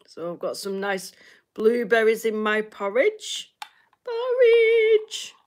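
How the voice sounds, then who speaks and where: Northern english lady chatting to her stream viewers, laughs a lot, says things twice, slow and easy. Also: mid-range voice. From north of England. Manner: chatty, laughs often, repeats herself. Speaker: livestream host. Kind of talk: casual livestream chat with viewers.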